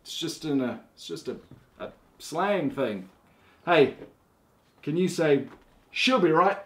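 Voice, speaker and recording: Laid-back kiwi dad, playful and halting. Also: male voice, a little high, animated, fairly bright tone. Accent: New Zealand. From New Zealand. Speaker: dad teaching his young daughter slang. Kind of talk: casual instructional video.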